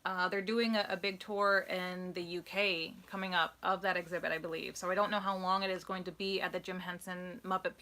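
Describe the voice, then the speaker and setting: A woman's voice: lowish voice, little pitch movement, brisk, hardly any pauses, bright, forceful tone. A woman co-hosting a live stream, chatting casually and rambling with many fillers and restarts, getting emotional as she talks.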